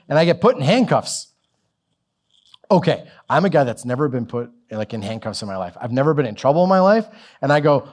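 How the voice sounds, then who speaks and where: A man's voice: medium pitch, expressive, quick pace. A middle-aged man telling a personal story on stage at a business event, casual and self-mocking, with many fillers. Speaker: business summit speaker. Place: event stage before an audience.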